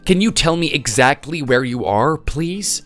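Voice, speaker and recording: A man's voice: fairly high pitch, lively intonation, a little slow, fairly bright tone, faint music behind. A man voicing a concerned family man in a voice-acted text story, asking careful questions.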